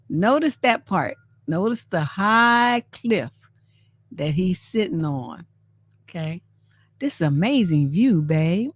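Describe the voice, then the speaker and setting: A woman from San Francisco hosting a live stream, giving casual, animated commentary on memes and often acting out the lines she quotes. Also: mid-range voice, dry recording. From San Francisco, USA.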